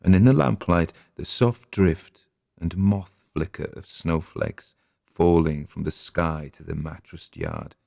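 A male narrator reads a spooky story in a very deep, gravelly voice, measured and atmospheric. The recording is close and dry, with no room echo. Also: animated, dark tone. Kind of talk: audiobook reading.

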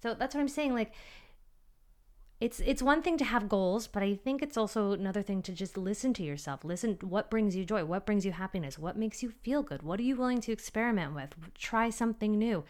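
A woman's voice: mid-range voice, clean tone. A woman hosting her own podcast as a personal trainer, chatty and upbeat, acting out her inner voices as she talks. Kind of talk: solo podcast talk.

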